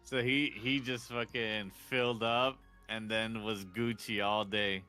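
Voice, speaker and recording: A man's voice: fairly low pitch, little pitch movement, measured pace, bright, forceful tone, clean tone, soft background music. A man in casual chat while gaming, laid back and laughing along with the story.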